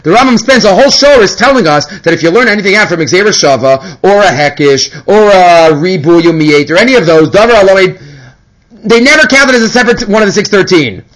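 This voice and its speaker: A man giving a Torah lesson, moving quickly between Hebrew quotes and his own explanations in an animated way. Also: high-pitched, low-quality recording. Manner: animated, mixes Hebrew and English. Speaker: Torah teacher. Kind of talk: Talmudic lecture.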